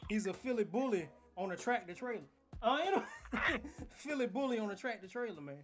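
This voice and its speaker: A man's voice: high voice, animated, a little fast, over music. A man co-hosting a podcast in casual chat, laid-back, laughing along and riffing on jokes. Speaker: podcast co-host.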